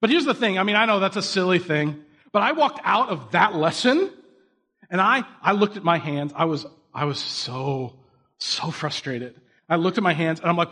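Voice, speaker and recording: A man preaching a sermon in a relaxed, conversational way, telling self-deprecating stories and asking the listeners direct questions. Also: high-pitched, moderate pace, breathy edge.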